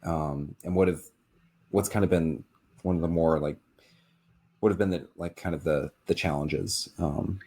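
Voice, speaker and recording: A man's voice: sits low, steady tone, a little slow, warm tone, slightly rough. A man hosting an interview podcast, asking rambling, hesitant questions full of fillers. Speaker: podcast host.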